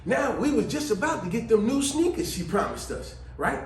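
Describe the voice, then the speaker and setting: Host type: man, high and lively voice, preachy advice talk, roomy echo. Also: normal speed, a little hiss or hum. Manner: animated, preachy, repeats phrases. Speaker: video host. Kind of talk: casual family advice talk.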